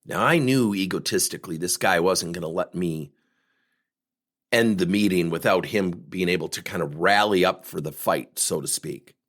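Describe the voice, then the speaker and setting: A man's voice: low voice, moderate pace. A man coaching on sales, telling a story and acting out the people in it. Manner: animated, acts out quoted voices. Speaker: sales coach, podcast host. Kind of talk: storytelling talk.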